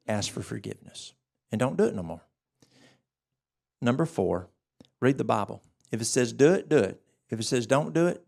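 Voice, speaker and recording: Gravelly man telling a story at a church workshop. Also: mid-range voice. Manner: animated storytelling, acts out dialogue. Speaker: health workshop presenter. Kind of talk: church health talk.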